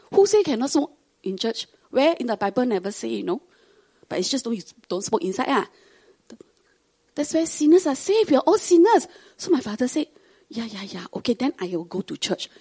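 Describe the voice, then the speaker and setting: Woman, husky and lively, giving a testimony in a sermon. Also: fairly high pitch. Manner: animated, acts out quoted voices.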